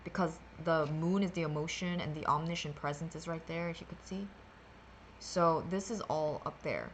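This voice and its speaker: A woman's voice: low voice, normal speed, a little hiss or hum. A woman hosting a meditation livestream, talking casually and sassily through a card reading, rambling with playful filler sounds.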